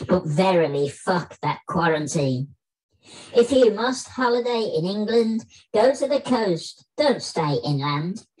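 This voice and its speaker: A man putting on a high-pitched voice as a blustering, famous older actor in a comic spoken-word piece over a video call. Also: a little mellow, low-quality recording. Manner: blustering, indignant comic monologue.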